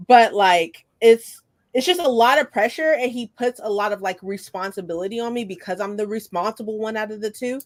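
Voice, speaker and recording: A woman's voice: medium pitch, fairly quick. A woman hosting a casual chat, telling stories expressively, quoting people and swearing freely. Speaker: host.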